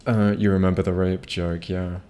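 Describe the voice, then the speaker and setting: Low-voiced rambling gamer. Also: male voice, flat delivery, moderate pace, mellow. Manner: rambling, profane, frequent restarts. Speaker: gamer streaming a playthrough. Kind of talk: casual gameplay commentary. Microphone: home streaming microphone.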